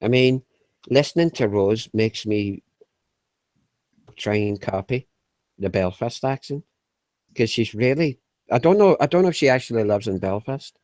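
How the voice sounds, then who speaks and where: A man's voice: mid-range voice, lively intonation, measured pace, long pauses, darkish tone, no echo. A man chatting casually in an online voice room, swearing freely, laughing a lot and rambling with restarts. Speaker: chat room regular. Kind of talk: casual online group chat.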